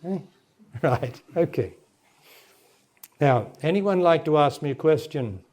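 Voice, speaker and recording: A man in his sixties, a spiritual teacher, answers a question from his audience in a meeting hall, speaking directly and plainly with frequent laughter. His voice is on the high side, animated, and slow with a darkish tone, from a remastered 1998 talk recording.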